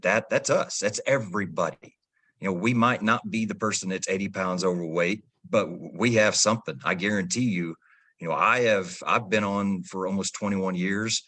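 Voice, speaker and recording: A man's voice: low-pitched, fairly bright tone. A man in his forties, a firefighter hosting a podcast interview, talking in an earnest, clarifying way. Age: 40s.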